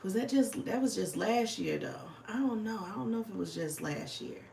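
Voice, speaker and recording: A woman's voice: mid-range voice, animated, moderate pace, gravelly, darkish tone, reverberant, a little hiss or hum. A woman, chatting casually and swearing freely on a livestream. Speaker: livestream host. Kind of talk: casual livestream chat while planning.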